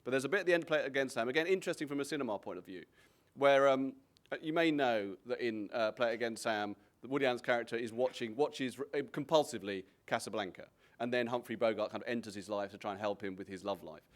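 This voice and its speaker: A man's voice: medium pitch, fast talker. Rambling, reflective Englishman telling stories. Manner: rambling, self-interrupting, reflective. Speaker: guest comedian. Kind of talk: relaxed conversational anecdote.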